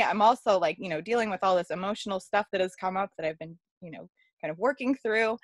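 A woman's voice: medium pitch, normal speed, a bit bright, no room sound. Woman, casual storytelling, chatty, laughs often, dry close sound. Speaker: workshop participant. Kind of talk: personal storytelling.

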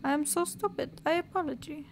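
A woman's voice: high voice, brisk, creaky, noisy background. A young woman giving casual horror gameplay commentary, joking, sarcastic and swearing freely. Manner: swears a lot, jokey and sarcastic. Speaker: let's play gamer.

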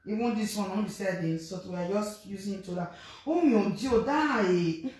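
A Nigerian-accented vlogger reacts to online gossip in a loose, exclamatory way, repeating phrases and calling out to viewers. The pitch sits in a middle range. The voice bounces around a roomy, echoey space. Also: fairly quick, darkish tone. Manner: exclamatory, repeats phrases, mixes Pidgin and Yoruba. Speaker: social media commentator. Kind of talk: casual reaction commentary.

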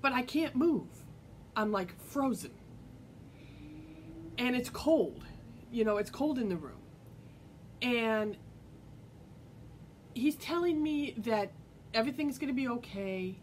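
A woman's voice: on the high side, animated, takes it slowly, pauses often, slight background noise, rough recording. A woman vlogger telling a personal story to her viewers in an earnest, rambling way full of fillers and restarts. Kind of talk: casual personal storytelling to camera.

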